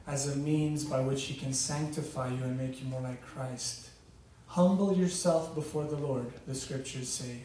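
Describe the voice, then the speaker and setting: A man preaching a sermon, impassioned, swinging from loud pleading to hushed tones. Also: on the high side, a little hiss or hum. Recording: echoey room, mic at a distance.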